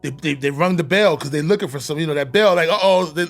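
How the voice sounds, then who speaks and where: Animated man telling a prison story. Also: a little high, quick pace, faint music behind. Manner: animated, profane, with frequent restarts. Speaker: podcast guest. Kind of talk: casual storytelling.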